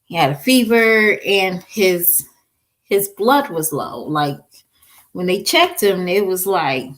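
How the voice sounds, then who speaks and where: A woman in her thirties telling her viewers a story about her son, in a casual, animated way, laughing often and restarting words. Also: on the low side, slow pace. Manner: talks straight to viewers with slang and "y'all". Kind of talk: casual story time vlog.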